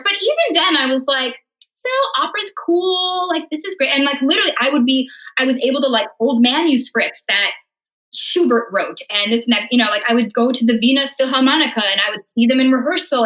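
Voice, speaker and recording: A woman's voice: on the high side, a little fast, bright, forceful tone, rough recording. A young woman, an opera singer from Illinois, telling her life story casually in an interview, acting out her past thoughts and laughing often. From Illinois, United States.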